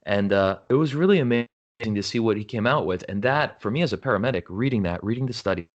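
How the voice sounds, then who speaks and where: Low-ish voiced guy on a podcast, talking real open and earnest, keeps saying "right?" and "you know". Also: lively intonation, fast talker, lo-fi sound. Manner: earnest, frank, leans on "you know" and "right?" with frequent restarts. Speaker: podcast guest. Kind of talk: candid conversational storytelling.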